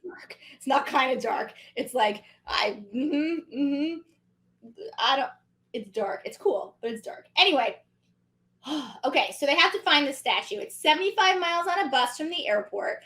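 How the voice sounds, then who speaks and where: A woman in her thirties co-hosting a casual recap show, chatty and animated with quick asides. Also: high voice. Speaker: podcast co-host.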